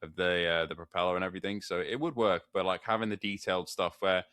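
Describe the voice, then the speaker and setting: A man's voice: low-pitched, steady tone, fast, fairly bright tone, dry recording, clean studio sound. A British man guesting on a gaming podcast, talking eagerly with many restarts. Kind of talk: casual chat.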